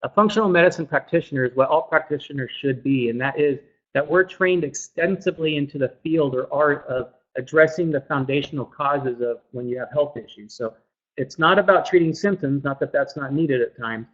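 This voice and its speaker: A man's voice: on the high side, fairly quick. A man, a functional medicine practitioner, giving an earnest webinar presentation and often repeating words as he goes. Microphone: laptop microphone. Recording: dull lo-fi laptop audio.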